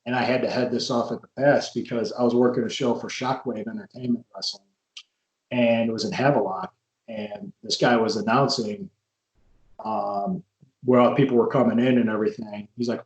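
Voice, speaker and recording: A man's voice: mid-range voice, lively intonation, moderate pace, creaky, highs cut off. Frank man recalling stories in a roomy echo. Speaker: podcast guest, wrestler. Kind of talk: casual storytelling chat.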